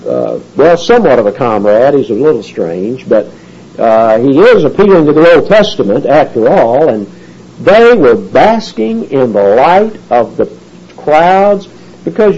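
Guy teaching bible study, husky voice, fairly high pitch, folksy, muffled lo-fi tape. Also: a little mellow. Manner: emphatic when quoting scripture, folksy asides. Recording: dull lo-fi recording.

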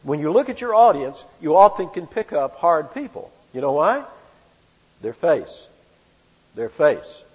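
A man's voice: on the high side, sing-song, normal speed, hardly any pauses, slightly rough. An older man preaching an expository sermon, emphatic and full of rhetorical questions and repeated phrases. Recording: reverberant hall, dull lo-fi sound.

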